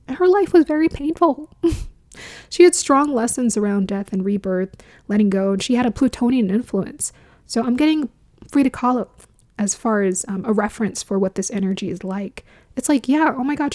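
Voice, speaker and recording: Mellow-voiced woman giving astrology advice. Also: a little high, lively intonation, normal speed. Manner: musing, laughs often, drops into whispers for emphasis. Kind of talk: casual spiritual talk to camera.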